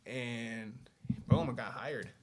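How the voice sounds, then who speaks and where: In a very noisy recording, a man with a medium-pitched voice slowly tells his life story on a podcast. He's a laid-back guest who swears often and says "you know" constantly in his casual storytelling.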